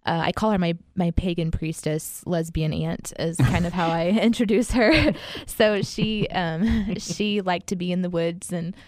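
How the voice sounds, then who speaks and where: A woman's voice: lowish voice, measured pace, few pauses, no echo, studio quality. A woman telling a personal story in casual conversation, rambling with many fillers and frequent laughs. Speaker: guest sharing her story.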